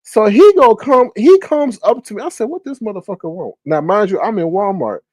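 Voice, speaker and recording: A man hosting a live stream, telling funny stories in a casual, profane, streetwise way and jumping into loud, high exclamations when he retells his reactions. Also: very animated, normal speed, dry recording. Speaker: livestream host. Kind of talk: casual storytelling to a live chat.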